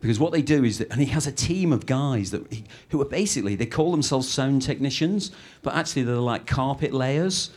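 A middle-aged man from Britain, a film director answering interview questions in a rambling, lively way with many restarts. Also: medium pitch, brisk.

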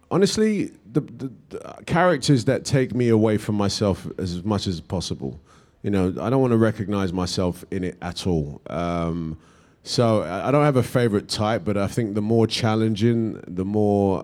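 British guy, middle-aged actor, kinda low voice, rambly q&a answers, lots of um and you know. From England. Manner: relaxed, rambling with restarts and fillers. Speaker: actor answering audience questions. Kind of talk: casual Q&A answers.

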